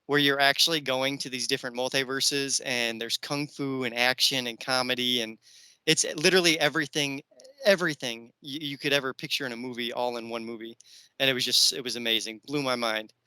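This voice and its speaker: Rambling enthusiastically about films, a male podcast host fills his talk with fillers. He speaks fairly quickly in a steady, mid-range voice with a sharp, smooth tone, recorded dry with no room sound but in low quality.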